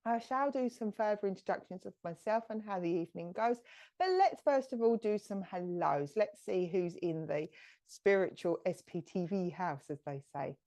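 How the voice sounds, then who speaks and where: A woman, a medium hosting a live stream, chatting brightly and greeting viewers by name. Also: fairly low pitch, normal speed.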